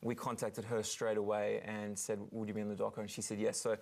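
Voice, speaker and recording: A man's voice: fairly low pitch, monotone, brisk, vocal fry, a little mellow. A man from Queensland with an Australian accent, a guest on a chat show, talking earnestly and hesitating often. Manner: earnest, hesitant with many ums. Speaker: documentary maker, guest.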